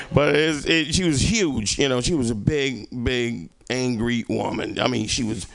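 A man's voice: mid-range voice, measured pace, gravelly, no room sound. A male stand-up comedian doing a rambling, profane set and teasing the audience. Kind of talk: stand-up set with crowd work.

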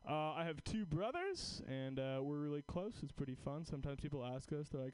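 A man's voice: fairly high pitch, very animated, brisk, hardly any pauses, a little mellow, clean tone, poor audio. A man doing a profane, rambling stand-up set full of fillers, then chatting about feedback on it. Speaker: stand-up comedian.

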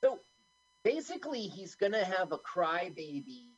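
A woman's voice: sits low, sing-song, moderate pace, breathy edge, lo-fi sound. A woman co-hosting a radio show, recounting a movie plot in a matter-of-fact, critical way. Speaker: radio co-host. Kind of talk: casual film-talk chat.

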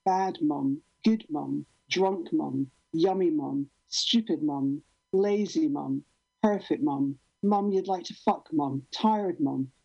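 A woman poet giving a deadpan, rhythmic poetry reading over a video call. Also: fairly low pitch, no echo. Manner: deadpan, rhythmic, repetitive delivery. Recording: dull lo-fi online call audio.

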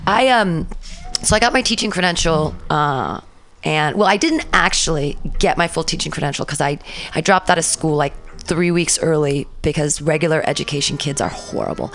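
A woman telling a profane, animated story from her past as a guest in a casual interview. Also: low voice, moderate pace.

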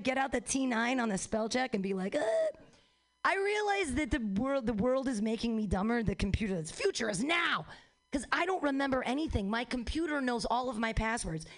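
A young woman doing a stand-up comedy set, rambling and profane, with quick self-mocking asides. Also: fairly high pitch.

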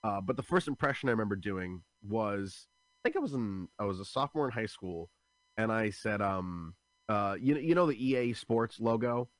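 A young man who does stand-up comedy. He is a guest in an interview and tells animated stories with many restarts. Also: fairly low pitch, normal speed, no echo. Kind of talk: casual interview chat.

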